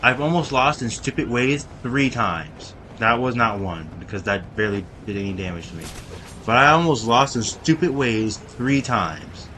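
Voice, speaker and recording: A man giving casual let's-play commentary, rambling and talking straight to his viewers, often breaking into excited exclamations. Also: mid-range voice, normal speed, a little hiss or hum. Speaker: gameplay commentator.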